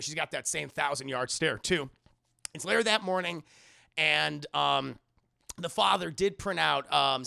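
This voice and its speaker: A man's voice: on the high side, creaky, sharp tone, no room sound, studio quality. A man casually recapping a film's plot as a reviewer, rambling and crude, laughing often. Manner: rambling, crude, laughs a lot, acts out lines. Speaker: movie reviewer.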